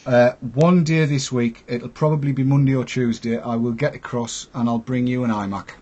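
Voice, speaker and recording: A man's voice: mid-range voice, fairly even intonation, normal speed, dark tone, lo-fi sound. A man hosting a casual online chat show, talking in a jokey, self-deprecating way. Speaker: host.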